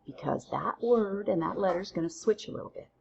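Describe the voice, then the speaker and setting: A woman teaching a recorded lesson through counting drills, playful and quick to use silly memory tricks. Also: lowish voice, expressive, gravelly, a little mellow, lo-fi sound, slight background noise. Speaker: Spanish teacher.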